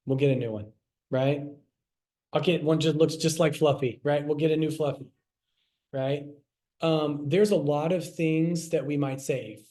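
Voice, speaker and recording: A middle-aged man gives a relaxed class in a mellow, warm voice that sits a touch high for a man. He talks casually, restarts and repeats phrases, and slips into short acted quotes. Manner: conversational, repeats himself, acts out quoted lines. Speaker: health class presenter. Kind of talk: casual teaching talk.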